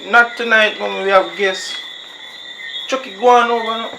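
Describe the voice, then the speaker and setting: A man's voice: high-pitched, fairly even intonation, moderate pace, creaky. A man with a Jamaican accent acting a cheeky, whiny little boy in a comedy drama. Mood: pleading. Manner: whiny pleading in patois. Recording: noisy outdoor night recording, crickets.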